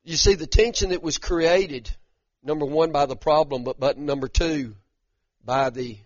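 A male pastor delivers a sermon in a conversational, meandering way, doubling up words as he goes. His voice sits a little high for a man. The recording is muffled and lo-fi, with no room echo at all. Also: a little slow. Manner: conversational, frequent restarts and repeated words, addresses the congregation directly.

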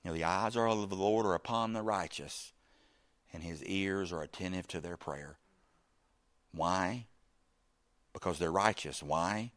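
A middle-aged man preaching a sermon, animated, shifting from loud bursts to quiet asides and acting out the voices in his story. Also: sits low, a little slow, long pauses. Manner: acts out quoted speech in the story.

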